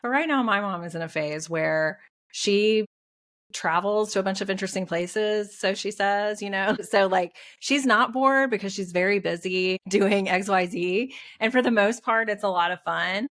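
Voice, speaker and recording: A middle-aged woman caring for her mother, chatting easily with lots of fillers and quick agreement. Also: mid-range voice, fairly bright tone. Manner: easygoing, filler-heavy, agreeable. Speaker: family caregiver. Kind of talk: casual conversation.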